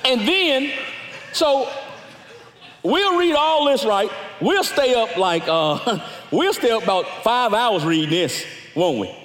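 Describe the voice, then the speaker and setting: A man preaching a sermon, talking casually with the congregation and then rising into shouts. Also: extremely high pitch, lively intonation, slow pace, slight background noise. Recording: echoey hall with long reverb.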